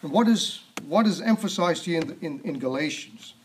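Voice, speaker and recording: Guy giving a sermon, kinda high voice, keeps clearing his throat between verses. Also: lively intonation, a little fast, a little hiss or hum. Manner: reads scripture aloud, asks rhetorical questions, clears throat often. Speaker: preacher.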